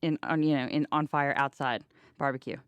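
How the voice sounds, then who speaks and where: Woman musician guest, from Kansas, chatty and easygoing, smooth tone, dry booth sound. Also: deep voice, steady tone, brisk, dry recording, highs cut off. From Kansas, USA. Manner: chatty, self-deprecating, laughs often. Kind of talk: casual radio interview.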